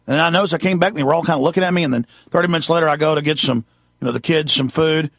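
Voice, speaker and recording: A man hosting a talk show, ranting forcefully in a heated monologue and acting out quotes dramatically. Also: fairly high pitch, fast talker, dry recording, dull audio.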